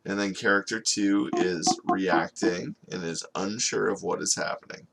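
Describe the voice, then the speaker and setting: A man teaching storyboarding in a casual screen-recorded tutorial, talking in a relaxed, conversational way and often checking in with "okay?". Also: sits low, moderate pace, gravelly, slight background noise. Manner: relaxed and conversational, with frequent fillers. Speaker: animation storyboard instructor.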